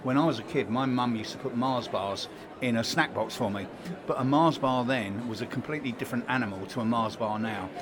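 A man hosts a casual interview in a trade show hall, chatty and enthusiastic, speaking into a handheld microphone amid busy crowd chatter. His medium-pitched voice moves fairly quickly with few pauses over the noisy background.

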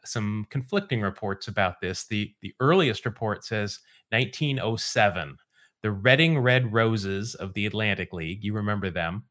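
Low-voiced man telling history casually. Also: moderate pace. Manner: relaxed storytelling with dry asides. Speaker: podcast host. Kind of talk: casual chat.

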